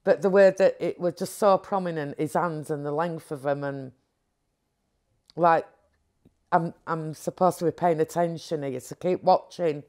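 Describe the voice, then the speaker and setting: A woman telling a candid personal story in an interview, animated and acting out movements as she talks. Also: low voice, measured pace. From England.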